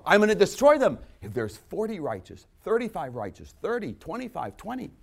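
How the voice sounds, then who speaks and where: An older male preacher delivering a sermon with a very lively, swinging pitch. He drops to hushed, low remarks and then climbs into loud, ringing proclamations. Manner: swings from quiet asides to loud, shouted climaxes. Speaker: pastor.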